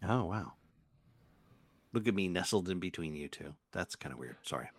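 A man's voice: deep voice, lively intonation, normal speed, husky, dry recording, clean studio sound. A man in his sixties teasing wryly in casual banter as a co-host. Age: 60s. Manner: wry, teasing.

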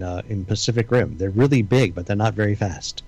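A man in a casual group chat, throwing in quick jokes and asides. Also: on the low side, darkish tone, husky. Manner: quick joking interjections.

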